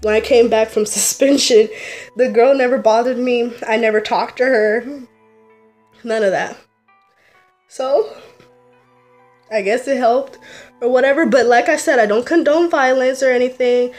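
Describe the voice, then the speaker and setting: A teenage girl with a high voice tells a casual storytime for her vlog. She is animated and laughs her way through the telling, with faint music playing behind her. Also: unhurried, pauses often. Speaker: vlogger.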